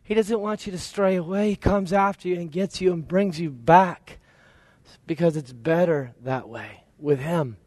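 A man preaching a sermon in a conversational, lively way, with playful asides and quoted voices. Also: on the high side, moderate pace, dry recording.

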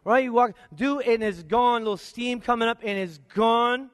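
Male pastor, sermon, very high voice, rhetorical questions, long hall reverb. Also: normal speed, studio quality. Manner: preaching with rhetorical questions, varying pace and loudness. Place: church sanctuary.

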